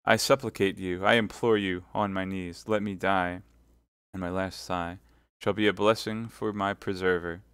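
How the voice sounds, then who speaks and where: A man's voice: on the low side, moderate pace, bright, forceful tone, no room sound. A man voicing a scheming captive noblewoman who pleads and seduces in a theatrical way. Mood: imploring.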